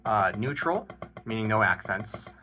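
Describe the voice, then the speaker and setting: A low-voiced drum teacher explains a casual lesson while playing a kit, speaking unhurriedly over the loud music. He counts the beats out loud and stays relaxed and encouraging, using plenty of fillers. Loud drumming from the kit sits behind his voice throughout.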